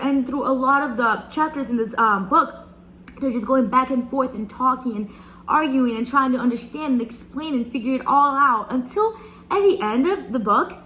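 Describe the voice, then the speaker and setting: A young woman sharing a Bible reflection in a casual, animated devotional talk, speaking straight to her viewers. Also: on the high side, a little hiss or hum, rough recording. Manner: chatty, animated, addresses viewers as "guys".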